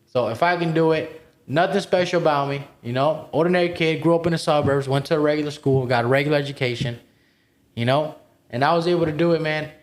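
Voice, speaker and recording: A man's voice: fairly high pitch, quick pace. Emphatic, swearing motivational podcast man. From immigrated to the United States as a child. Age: adult, past twenty-one. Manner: emphatic and motivational, swears and says "bro" often. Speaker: podcast cohost. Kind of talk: candid personal story on a podcast.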